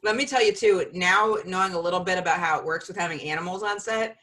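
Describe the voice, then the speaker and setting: A woman's voice: fairly low pitch, quick pace, fairly bright tone. A woman co-hosting a podcast, a comedian talking in an easygoing, rambling way. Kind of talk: casual chat.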